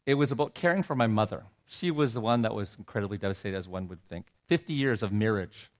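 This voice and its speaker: A middle-aged man telling a heartfelt personal story in a sermon, his voice dropping low and soft when he is moved. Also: fast talker. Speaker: preacher. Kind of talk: sermon testimony.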